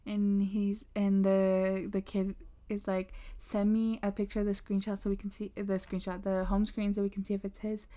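A woman's voice: mid-range voice, little pitch movement, moderate pace, dark tone. Rambling young woman telling a story. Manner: rambling, filler-heavy storytelling. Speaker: podcast host. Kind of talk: casual chat. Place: indoors at a desk.

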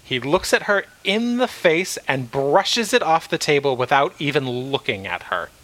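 A man hosting a casual book discussion, retelling the plot in an animated way with frequent laughs and some swearing. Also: a little high, moderate pace, rough recording. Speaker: podcast host.

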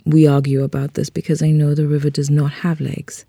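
A reader telling a literary short story aloud in an unhurried, measured way. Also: mid-range voice, little pitch movement, warm tone, slightly rough, no room sound, clean studio sound.

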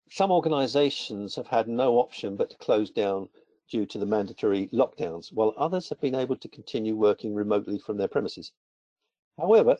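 A middle-aged man presenting a webinar in a measured, methodical way. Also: mid-range voice, mellow, no room sound. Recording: dull, lo-fi sound.

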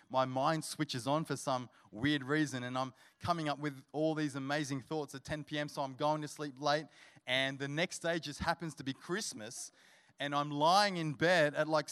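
A male guest pastor with a slightly high voice delivers a sermon at a church service. He tells a story with humor, then builds to loud, energetic exhortation. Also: clean tone.

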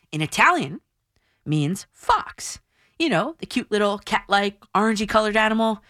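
A woman's voice: medium pitch, animated, moderate pace, sharp tone, dry recording, clean studio sound. A woman in her thirties hosting a sports talk radio show, chatty and emphatic. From New Jersey. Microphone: studio microphone.

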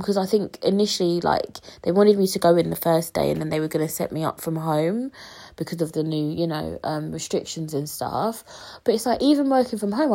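Hosting her casual solo podcast while sick and upset, a woman in her 20s rambles with frequent fillers and some swearing. Her voice sits on the low side with a darkish tone.

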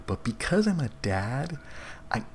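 A man's voice: mid-range voice, very animated, unhurried, darkish tone, a little hiss or hum. A young adult man hosting a live stream, chatting casually in a rambling, profane way with many restarts. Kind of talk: casual chat.

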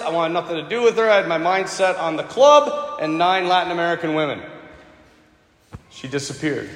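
Lively man telling a story in a hall. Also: a little high. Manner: animated, acts out quotes. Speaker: speaker. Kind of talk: storytelling sermon.

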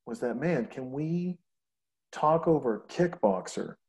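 A man with a mellow, darker voice talks in a loose, rambling way. He tells animated stories and swears freely in casual conversation. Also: medium pitch, slow pace. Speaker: podcast host.

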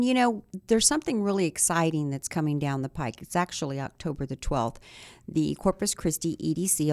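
Female talk radio host, low-pitched, upbeat, friendly. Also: darkish tone. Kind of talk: casual radio interview.

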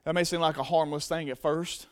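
A man's voice: on the high side, steady tone, brisk, clear, resonant tone. A man preaching a sermon to a congregation, emphatic and casual. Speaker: pastor.

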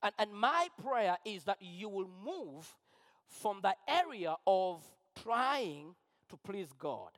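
A man's voice: sits high, sing-song, takes it slowly, fairly bright tone. A man preaching a sermon as pastor, emphatic and repetitive, with rising fervor. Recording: long hall reverb.

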